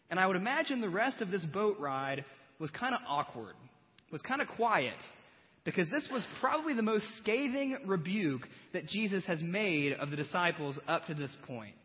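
A man preaching a Bible teaching sermon, conversational and animated, full of rhetorical questions and humor. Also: high-pitched, moderate pace. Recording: dull recording with long hall reverb.

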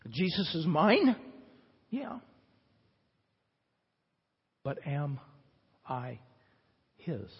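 Husky high-voiced man preaching a sermon. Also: big pitch swings, very slow, long pauses. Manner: conversational preaching with emphatic repetition. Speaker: pastor. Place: church sanctuary. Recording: dull church recording with long reverb.

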